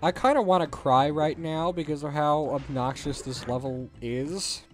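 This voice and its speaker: A man's voice: fairly high pitch, moderate pace, soft background music. A man hosting a let's play, rambling through gameplay commentary with sarcastic, jokey asides.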